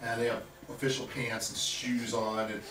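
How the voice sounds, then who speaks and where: A man running a tabletop game as dungeon master, narrating scenes and acting out characters with an animated, laughing delivery. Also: medium pitch, normal speed, distant mic. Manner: animated, laughing storyteller who jumps into character voices. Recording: roomy mic with lively group chatter.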